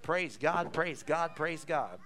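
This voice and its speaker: A man's voice: on the high side, expressive, slow pace, a bit bright. A male preacher, leading a sermon with call-and-response and bursts of praise. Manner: exuberant call-and-response, breaks into laughter and tongues.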